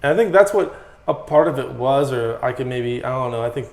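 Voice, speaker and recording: A man telling stories in a casual podcast interview, animated and full of swearing and "like"s. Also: medium pitch, brisk. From Massachusetts. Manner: profane, animated storytelling with many "like"s. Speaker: guest, former pro BMX rider. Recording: echoey room.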